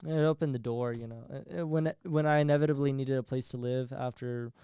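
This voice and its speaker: A man's voice: medium pitch, fairly even intonation, fairly quick, warm tone, clean tone, no echo, studio quality. A young man hosting a solo podcast, talking in a rambling, profane way and laughing at his own jokes. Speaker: podcast host.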